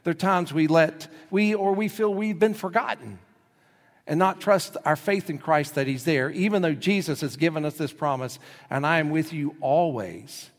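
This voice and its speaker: A man's voice: on the high side, normal speed. Man preaching in a reverberant hall. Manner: storytelling preacher, acting out quoted voices. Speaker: pastor. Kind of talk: sermon.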